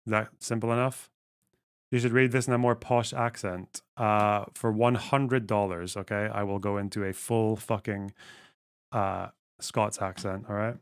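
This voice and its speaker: A man's voice: fairly low pitch, steady tone, unhurried, clear, resonant tone, no room sound, clean studio sound. A male streamer in casual live-stream commentary, reading text aloud and reacting with sarcastic, profane remarks.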